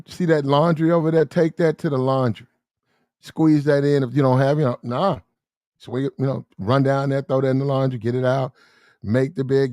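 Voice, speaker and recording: A man's voice: medium pitch, dry recording, clean studio sound. A man in a casual monologue, rambling and repetitive in slangy street talk, often acting out heated arguments. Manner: quick shifts into acted-out shouting arguments.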